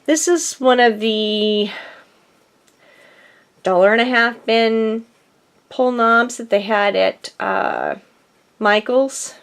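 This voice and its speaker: A woman's voice: a little high, big pitch swings, takes it slowly, long pauses, clear, resonant tone. A middle-aged woman chatting casually in her home craft studio, rambling and a bit out of breath. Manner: rambling, chatty, self-deprecating. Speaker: crafting vlogger. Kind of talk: casual chat.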